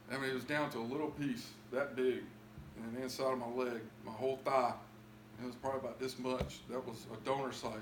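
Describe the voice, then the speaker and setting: A man's voice: mid-range voice, flat delivery, fast, reverberant, noisy background. Emotional man giving personal testimony. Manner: emotional, repeats words, builds to cries. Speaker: testimony speaker.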